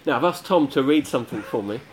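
A man's voice: mid-range voice, animated, fast talker. Male preacher, earnest sermon delivery, emphatic repetition, faint room noise. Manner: earnest, emphatic with repeated phrases.

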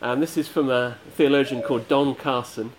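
A man's voice: medium pitch, fairly even intonation, moderate pace. Male preacher, earnest sermon delivery, emphatic repetition, faint room noise. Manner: earnest, emphatic with repeated phrases.

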